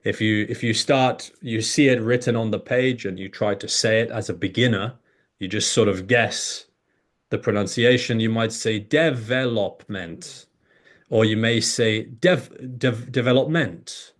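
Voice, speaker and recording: A man with a fairly low voice talks through his ideas as a teacher, explaining steadily. He breaks into quick demonstrations of how learners pronounce words, so his delivery stays lively and hands-on. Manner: animated, demonstrates pronunciation examples. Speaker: English teacher, guest. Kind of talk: explanatory conversation.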